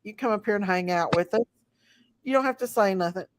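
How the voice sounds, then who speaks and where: A woman's voice: medium pitch, fairly quick, no room sound. A woman hosting a casual late-night live chat, greeting viewers one by one and laughing often. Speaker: livestream host.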